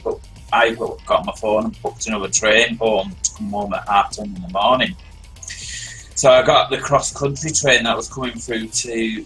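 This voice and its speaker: A man tells a long story in a loose, rambling way, often repeating words. His voice is bright and forceful, and faint music plays behind him. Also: medium pitch, low-quality recording. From Britain. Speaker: stream host. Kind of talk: casual storytelling chat. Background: faint background music.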